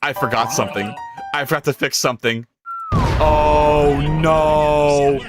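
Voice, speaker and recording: A man's voice: on the high side, huge pitch swings, slow, over music. A man streaming his game development live, talking to chat in a frantic, exclaiming way with a lot of swearing.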